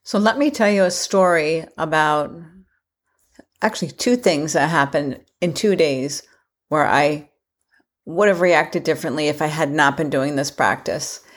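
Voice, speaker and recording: A woman's voice: deep voice, measured pace. A middle-aged woman hosting her own podcast, talking in an earnest, repetitive, self-reflective way. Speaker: podcast host. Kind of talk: casual solo podcast talk.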